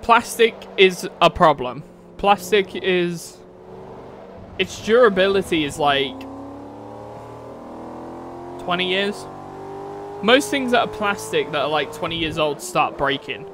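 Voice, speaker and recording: A man's voice: high voice, expressive, slow pace, pauses often. A man live-streaming a racing game, chatting in a rambling, casual way and swearing now and then. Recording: game car sounds loud behind voice. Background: racing game engine noise.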